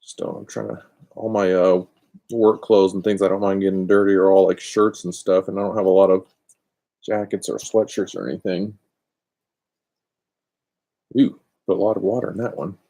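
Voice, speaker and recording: A man's voice: low-pitched, flat delivery, normal speed, long pauses, warm tone. A man chatting casually and rambling on a craft live stream from a cold garage, picked up by a laptop's built-in microphone. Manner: rambling, chatty, self-deprecating. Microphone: built-in computer microphone.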